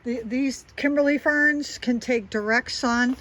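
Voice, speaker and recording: A woman's voice: a little high, unhurried, few pauses, a bit bright, low-quality recording. A woman with a South Jersey accent giving a casual walking tour of her suburban garden, chatty and enthusiastic as she points things out.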